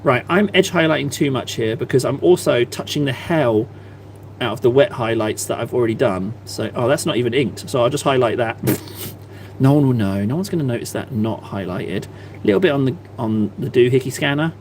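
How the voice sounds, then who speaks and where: A man's voice: mid-range voice, lively intonation, fairly quick, a little hiss or hum. A man chatting casually on a live stream, self-mocking and rambling as he paints. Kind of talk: casual livestream chat while painting.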